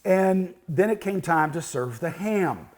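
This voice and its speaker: A man's voice: high-pitched, lively intonation, measured pace, a little mellow. A man in his fifties, hosting a cooking show and telling a folksy story as a cooking tip. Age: 50s.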